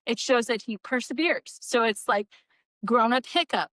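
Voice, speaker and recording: A woman's voice: a little high, moderate pace, fairly bright tone, no echo. A woman co-hosting a book podcast in casual chat, rambling and laughing often. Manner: giggly, rambling. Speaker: podcast co-host.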